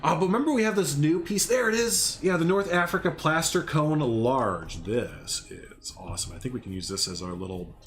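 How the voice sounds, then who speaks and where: A man's voice: fairly high pitch, lively intonation, moderate pace, few pauses, soft background music. A young man rambling casually on a live game stream, chatting with viewers as he builds. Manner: rambling, chatty, reads and answers chat.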